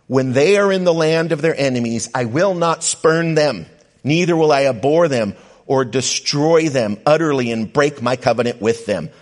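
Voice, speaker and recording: A man preaching a sermon as a pastor, reading scripture passages aloud and then restating them with emphasis. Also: mid-range voice. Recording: reverberant hall.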